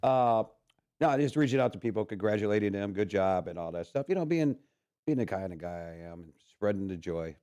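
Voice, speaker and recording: Lively easygoing Midwestern man on radio. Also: lowish voice, a little fast. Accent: Midwestern American. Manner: easygoing, laughing anecdotes. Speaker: radio morning show co-host. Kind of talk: casual morning radio chat. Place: radio studio.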